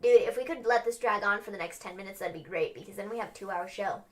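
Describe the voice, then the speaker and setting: A woman's voice: mid-range voice, fast. A young woman co-hosting a livestream in casual, playful, joking chat. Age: young adult. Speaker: co-host of wrestling livestream.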